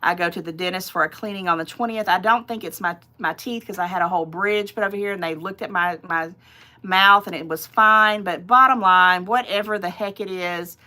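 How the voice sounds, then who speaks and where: Middle-aged female host, bright voice, rambling, casual livestream chat. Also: fairly low pitch, a little fast. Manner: chatty, rambling, digressive. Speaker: channel host.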